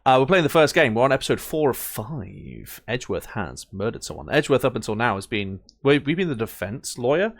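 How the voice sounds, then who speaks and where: A man's voice: medium pitch, sing-song, fairly quick, few pauses. A man live-streaming a game, chatting playfully and greeting viewers. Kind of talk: casual live-stream chat.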